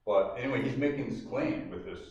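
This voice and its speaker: A man's voice: medium pitch, brisk. An older man leading a meditation and self-massage class, talking loosely and checking in with "okay?" as he goes. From Hawaii. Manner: loose, rambling, full of "you know" and "okay?". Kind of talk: guided instruction class. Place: meditation hall. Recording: distant mic, very roomy, dull lo-fi.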